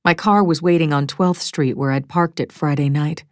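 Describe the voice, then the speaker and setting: A woman reading a first-person thriller audiobook in a measured, wry storytelling manner, close to a studio mic. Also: deep voice, darkish tone, no echo. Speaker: audiobook narrator.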